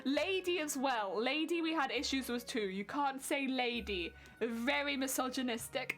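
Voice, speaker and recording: A woman's voice: high-pitched, unhurried, fairly bright tone, soft background music. A young British woman streaming casually while crafting, chatty and giggling often. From Britain.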